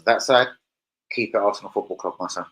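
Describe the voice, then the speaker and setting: A man's voice: lowish voice, quick pace, a bit bright, slight background noise, poor audio. Rowdy, crude man. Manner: crude, rowdy, joking with chat. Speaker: fan channel host. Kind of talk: casual live stream banter. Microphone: streaming setup.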